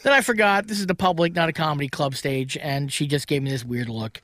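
High-voiced man telling crude stories. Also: brisk, no echo, clean studio sound. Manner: frank, crude, animated storytelling. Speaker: podcast host. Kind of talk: casual comedic podcast chat. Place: recording studio. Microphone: studio microphone.

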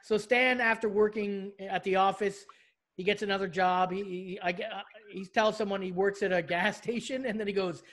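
High-pitched guy butting in fast with short comments and laughs. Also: steady tone, fairly bright tone. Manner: quick interjections and laughs. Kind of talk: casual chat.

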